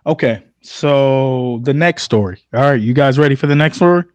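A man's voice: mid-range voice, moderate pace, a little mellow, clean tone, dry recording, muffled recording. A man hosting a casual podcast, reading news stories and arguing playfully with mock seriousness. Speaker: podcast host.

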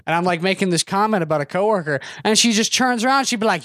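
A young man co-hosting a podcast, telling stories in an animated, swearing, laughing way. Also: high voice, brisk, no room sound, clean studio sound. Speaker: podcast co-host. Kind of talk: casual podcast chat.

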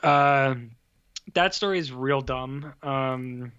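A man's voice: medium pitch, slow pace, fairly bright tone, clean tone. A man co-hosting a podcast in a laid-back, rambling, joking way. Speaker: podcast co-host. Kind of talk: casual chat. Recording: dull lo-fi audio.

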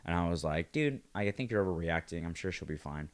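A man's voice: deep voice, expressive, brisk. A man who does stand-up comedy, chatting casually and acting out quoted voices as he tells a story. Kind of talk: casual chat.

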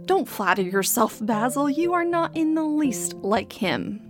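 A woman reading aloud as a languid, witty aristocratic Victorian gentleman with a theatrical, mocking drawl. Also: sits high, animated, a little slow, over music. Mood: amused, mocking. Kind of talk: dramatic reading.

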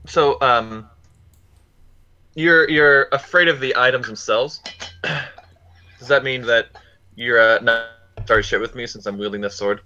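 A man's voice: mid-range voice, slow, long pauses, sharp tone, highs cut off. A man playing in a tabletop game, asking hesitant, filler-heavy questions. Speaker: player. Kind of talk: casual tabletop play.

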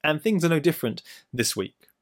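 A man's voice: fairly high pitch, brisk. A middle-aged man preaching a sermon, explaining a Bible passage with playful everyday stories and asides. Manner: lively storytelling with playful asides.

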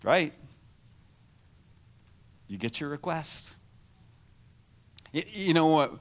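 A man preaching a sermon to his congregation, animated and acting out the words of the people in the story. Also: a little high, drawn-out words. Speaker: pastor.

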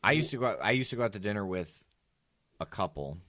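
A man's voice: on the low side, animated, quick pace, fairly bright tone, no room sound. A man co-hosting a podcast, telling stories in casual chat and swearing when he gets worked up. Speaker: podcast co-host.

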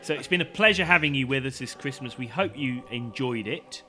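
A man's voice: medium pitch, lively intonation, a little fast, sharp tone. A man co-hosting a science podcast, telling stories in a rambling casual way with plenty of ums. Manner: rambling storyteller with many ums. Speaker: podcast co-host.

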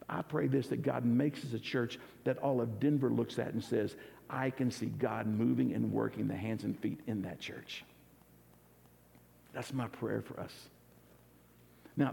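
A man's voice: medium pitch, steady tone, moderate pace, gravelly, a little mellow. A man preaching an earnest, conversational sermon as pastor, often restarting his words. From United States. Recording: church hall with long reverb.

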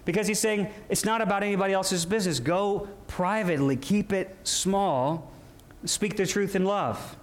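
A man's voice: high voice, normal speed. A man pastor preaching a sermon, calling out to the congregation and shifting his emphasis as he goes. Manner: preaching with call-and-response asides and shifting emphasis.

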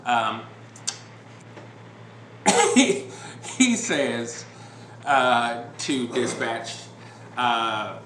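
A man hosting a podcast, telling a story in a relaxed, rambling way with lots of fillers and restarts. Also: mid-range voice, extremely slow, pauses often. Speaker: podcast host. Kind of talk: casual storytelling chat. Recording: roomy with background noise.

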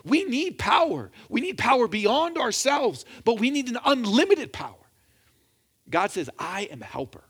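Animated high-voiced male pastor. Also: breathy edge. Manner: animated, conversational with jokes and acted quotes. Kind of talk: sermon.

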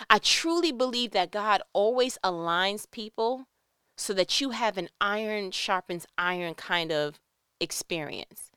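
A woman delivers a sermon in a lively, talk-to-you way, firing rhetorical questions at her listeners. Her voice is smooth and clear at a middle pitch. It is recorded dry and close. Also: dry recording. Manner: animated, talks straight to listeners with rhetorical questions. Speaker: preacher. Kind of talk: conversational sermon.

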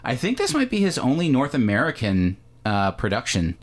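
A man's voice: mid-range voice, wildly swooping pitch, moderate pace. A Canadian man hosting a podcast, chatting casually about a film with lots of fillers and self-corrections. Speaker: podcast host. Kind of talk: casual movie discussion.

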